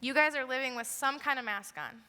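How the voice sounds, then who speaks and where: An earnest young woman delivers a youth sermon with emphatic stresses. Her voice sits high and bright. It rings with the long echo of a large hall. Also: brisk, clear, resonant tone. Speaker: youth speaker. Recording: echoey hall.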